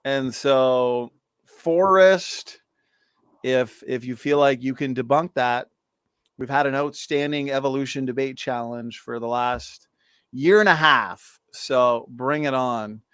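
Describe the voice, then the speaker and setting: A man's voice: medium pitch, takes it slowly, fairly bright tone, clean tone, no echo, studio quality. A man co-hosting a live stream over a video call, methodically walking through data point by point. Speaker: co-host. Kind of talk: live-stream apologetics talk.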